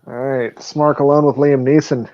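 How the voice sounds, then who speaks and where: A man's voice: mid-range voice, steady tone, normal speed, lo-fi sound, very noisy. A man hosting a casual sports betting podcast, swearing and laughing as he runs through picks. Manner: profane, laughing, loose. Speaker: podcast host.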